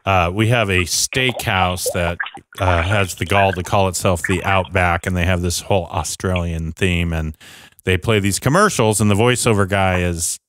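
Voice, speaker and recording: Low-voiced radio host. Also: male voice, normal speed, fairly bright tone, slight background noise. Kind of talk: casual interview.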